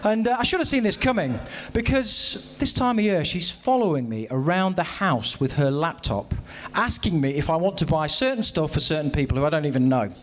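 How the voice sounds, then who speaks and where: A man's voice: a little high, animated, a little fast, hardly any pauses. A man in his thirties performing a self-mocking stand-up set, talking straight to the audience on a live stage. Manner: self-mocking, chatty, addresses audience directly. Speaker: stand-up comedian. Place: live stage at a charity comedy event.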